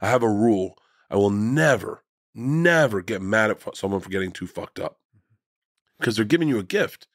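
A man telling stories as a comedian guest on a podcast, animated and profane, often jumping into high excited voices for the people he quotes. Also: normal speed, dry recording, studio quality. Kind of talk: casual storytelling conversation.

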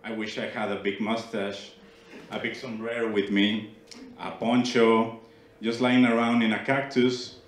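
This young comedian from Mexico, whose first language is Spanish, teases his audience through a playful set on a small club stage, his Mexican Spanish accent clear. His fairly low voice is flat and measured. Background noise, audience laughter and a roomy club sound fill the recording.

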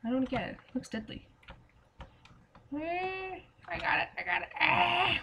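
A woman playing a game and chatting as she goes, her voice going hoarse, swearing and singing to herself. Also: very high voice, animated, a little slow, pushed and bright, slight background noise. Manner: chatty, swears often, sings and mutters to herself. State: losing her voice. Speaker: gamer. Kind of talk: casual let's play commentary.

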